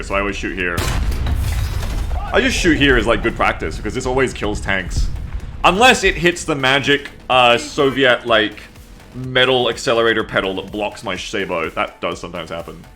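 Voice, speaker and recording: A man's voice: fairly low pitch, moderate pace, pushed and bright, soft background music. A man in his thirties from Australia with a blended, lightly Australian Anglosphere accent, chatting casually and rambling on a gaming stream, swearing now and then and reading chat aloud. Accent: mixed Anglosphere, mildly Australian.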